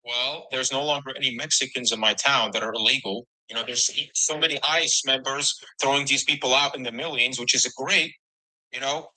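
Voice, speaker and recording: A man's voice: medium pitch, fairly even intonation, fairly quick, sharp tone, rough recording. A man from Florida arguing defensively as a guest in a heated online debate. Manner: defensive, argumentative.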